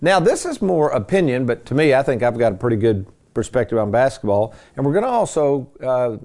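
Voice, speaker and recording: A man's voice: mid-range voice, sing-song, a little fast, a little mellow. A man hosting a radio talk show on retirement money, talking in a folksy, joking, rambling way with plenty of fillers into a studio microphone. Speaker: radio host and retirement planner.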